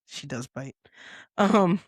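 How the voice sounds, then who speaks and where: A woman co-hosting a podcast, telling a casual story with lots of swearing and quick impressions of other people's voices. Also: lowish voice, dry recording, clean studio sound. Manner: profane, lively, acts out others' lines. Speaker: podcast co-host. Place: podcast studio.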